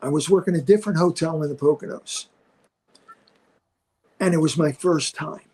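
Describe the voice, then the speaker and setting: An older man, a veteran stand-up comedian, telling animated stories and acting out the people in them. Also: on the high side, moderate pace, husky. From Philadelphia area. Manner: acts out other people in his stories. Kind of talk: animated storytelling.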